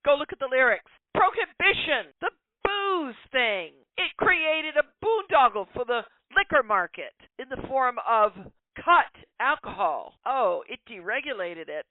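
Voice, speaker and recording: A woman's voice: fairly high pitch, a little slow, dry recording. Podcast host lady on a rant, lots of rhetorical questions, sounds like she's on a phone line. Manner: animated, ranting, full of rhetorical questions. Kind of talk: opinionated monologue. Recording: tinny phone-like line, dry.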